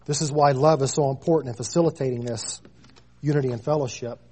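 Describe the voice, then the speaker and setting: Husky man preaching with emphatic repetition. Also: mid-range voice, fairly even intonation, fast, warm tone. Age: 30s. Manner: preaching with rising emphatic stresses and repeated phrases. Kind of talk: sermon.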